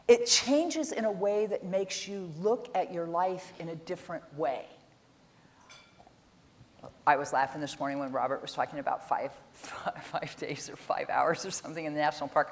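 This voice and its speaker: A middle-aged woman giving a keynote talk on stage, telling stories in an animated, exasperated way, often rising in pitch and volume when making a point. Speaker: keynote speaker. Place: conference stage.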